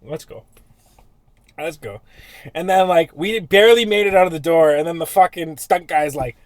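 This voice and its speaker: A man's voice: sits high, fairly quick, no echo. A man on a podcast, telling long, profane, rambling stories and acting out the people in them. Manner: rambling, profane, animated storyteller who acts out the people in his stories. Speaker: podcast host. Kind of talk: casual podcast storytelling.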